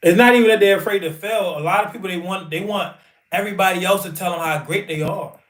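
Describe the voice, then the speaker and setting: Here the boxer's voice sits high and comes out fast, with a fairly bright tone and a reverberant sound. He swears a lot and brags bluntly while chatting casually on his livestream.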